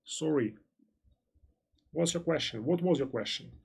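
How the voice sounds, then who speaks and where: A man with a Russian accent leads a live online trading lesson in a slightly high, gravelly voice with a husky edge. He talks in halting, looping sentences full of fillers. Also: expressive. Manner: halting, repetitive, many fillers. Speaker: trading instructor. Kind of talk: live-stream lesson answering chat questions.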